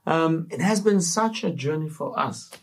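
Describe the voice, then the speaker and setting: A man's voice: fairly high pitch, lively intonation, normal speed. A man hosting a Christian talk show, speaking to viewers in an upbeat, preacherly way with frequent fillers. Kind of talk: casual faith talk to camera.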